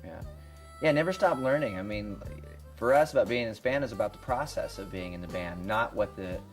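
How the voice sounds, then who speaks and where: A man's voice: lowish voice, expressive, a little fast, faint music behind. A man, an interviewed musician, talking thoughtfully and searching for words. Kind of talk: casual interview answers.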